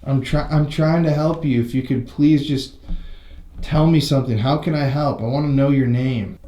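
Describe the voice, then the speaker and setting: Inside an old historic building at night, a male paranormal investigator confronts and taunts a ghost to provoke it, swearing now and then. His voice is medium-pitched and warm at normal speed, with reverberation.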